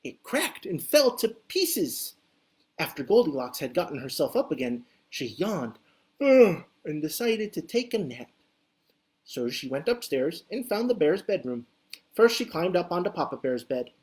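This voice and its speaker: A woman reading a children's story aloud as an expressive, animated storyteller. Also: sits low, moderate pace.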